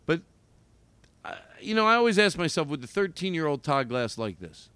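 Animated chatty man hosting a podcast. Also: a little high, normal speed, clear, resonant tone, no room sound. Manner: animated, rambling, with bursts of shouting for bits. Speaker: podcast host. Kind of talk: casual chat.

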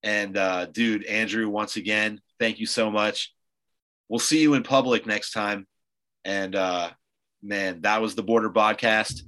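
Bright-voiced laid-back male podcast host. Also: lowish voice, fairly even intonation, measured pace, low-quality recording. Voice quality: loose, rambling storyteller with many fillers. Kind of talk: casual chat.

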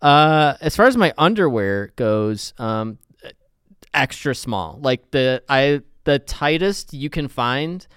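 A man chatting as a podcast guest, joking about himself and wandering through his answers with um and like. His voice is smooth and clear, at a middling pitch. The close mic is dry, with no room sound. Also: lively intonation, slow, fairly bright tone, no echo. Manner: rambling, self-deprecating, with fillers. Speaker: feature reporter, podcast guest. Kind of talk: casual interview chat.

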